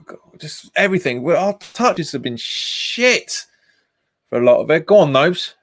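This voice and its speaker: A man's voice: a little high, sing-song, measured pace, dry recording. A man hosting a live football watch-along stream, reacting to the match, reading out viewer comments and laughing often. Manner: reads viewer comments aloud and answers them, laughs often. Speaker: fan channel host.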